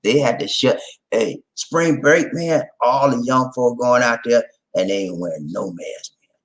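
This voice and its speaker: A man's voice: mid-range voice, measured pace. A middle-aged man hosting a casual live stream, joking and laughing often as he chats with viewers. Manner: reads out viewer comments in put-on voices.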